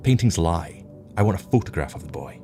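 A stern, skeptical spaceship captain, as a man reads him aloud, curt and commanding. His voice sits low and he brushes everyone off with clipped, dismissive orders. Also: expressive, brisk, a little mellow, faint music behind.

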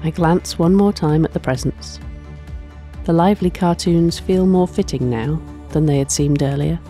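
A woman reads a first-person story aloud in a soft, reflective way, often sighing between lines. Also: deep voice, normal speed, faint music behind. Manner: soft, reflective, with frequent sighs. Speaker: narrator.

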